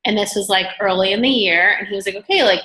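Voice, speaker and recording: A woman's voice: medium pitch, fast, bright, forceful tone, a little hiss or hum. A woman guest telling a story casually and chattily, full of fillers. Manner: chatty, many fillers like "like" and "whatever". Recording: echoey room.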